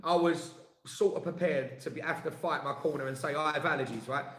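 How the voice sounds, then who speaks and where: Man, indignant storyteller, fairly high voice, roomy echo. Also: brisk. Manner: animated, indignant storyteller with many restarts. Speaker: co-host. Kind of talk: casual chat, ranting story. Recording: echoey room.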